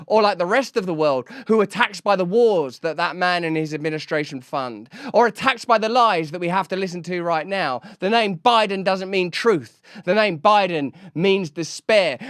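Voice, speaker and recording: An English man delivers sardonic political commentary in a fairly high voice. He mocks and jabs with quick asides. The sound is close and dry, with no room around it. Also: fairly bright tone, no room sound. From England. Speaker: host.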